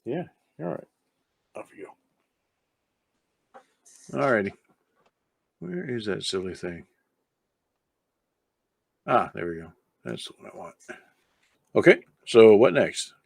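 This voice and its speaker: A man's voice: lowish voice, big pitch swings, slow, creaky, long pauses, slightly rough, dry recording. A man as game master, narrating a tabletop game in an easygoing, chatty way. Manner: easygoing, chatty, breaks off to talk to a pet.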